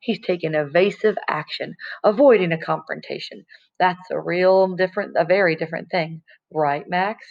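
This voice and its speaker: A man's voice: fairly high pitch, moderate pace, creaky. A woman reading a novel aloud, voicing a stern, serious old grandfather in a matter-of-fact way, in a dull lo-fi recording.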